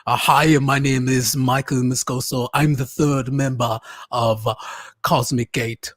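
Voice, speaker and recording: A man's voice: medium pitch, steady tone, unhurried, fairly bright tone, no room sound, studio quality. A man putting on a joking German accent for a mock self-introduction during podcast banter. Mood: mock-formal.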